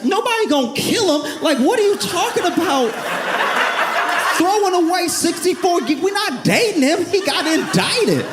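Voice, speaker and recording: A man doing stand-up, telling a story calmly and dryly and building to punchlines. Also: very high voice, normal speed. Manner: calm, dry, building to punchlines. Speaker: stand-up comedian. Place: comedy stage. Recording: live stand-up recording with noise.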